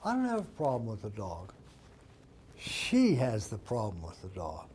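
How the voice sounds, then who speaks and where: A man's voice: on the low side, huge pitch swings, moderate pace, darkish tone, a little hiss or hum, pitched below the performer's own voice. An older man quoting a big defensive dog owner. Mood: insistent.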